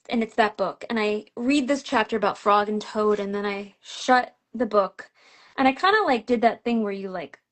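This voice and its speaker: Woman, middle-aged, fairly high voice, animated storyteller, laughs a lot, filler-heavy casual chat. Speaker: picture book author, guest.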